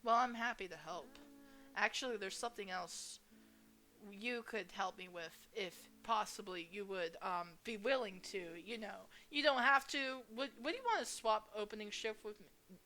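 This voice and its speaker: A young woman reading a visual novel aloud as a gaming host, expressive and playful as she voices each character. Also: medium pitch, normal speed. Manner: expressive, reads each character's lines with shifting energy.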